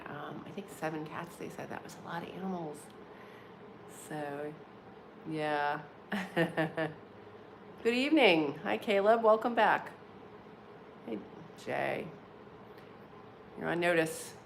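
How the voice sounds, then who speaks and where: A chatty woman with a lowish voice hosts a livestream from home, casually chatting with viewers. She laughs often and uses plenty of fillers. Background noise is clearly audible in the recording.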